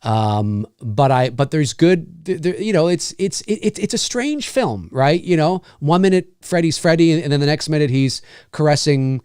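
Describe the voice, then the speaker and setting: A man's voice: a little high, moderate pace, clear, resonant tone, no echo, clean studio sound. A man hosting a casual live Q&A, reading viewer questions and chatting about films, laughing easily. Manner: lively, laughs often, reads chat questions aloud. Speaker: host.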